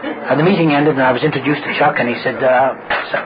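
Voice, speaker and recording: A man shares his own story at a recovery meeting in a wry, humorous way and slips into other people's voices as he tells it. His voice sits at an ordinary middle pitch. The recording is muffled and dull, with a loud noisy background. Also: quick pace. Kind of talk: humorous personal story told to an audience.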